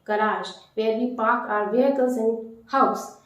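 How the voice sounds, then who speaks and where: A woman teaching a vocabulary lesson, repeating each word slowly and deliberately. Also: fairly high pitch. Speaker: French teacher. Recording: very echoey room.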